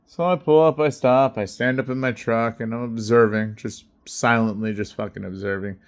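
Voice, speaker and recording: A man's voice: mid-range voice, steady tone, normal speed, smooth. A man telling a story in a casual vlog, intense and heavy on swearing, often checking in with "right?" and "you know". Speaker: delivery driver telling a story.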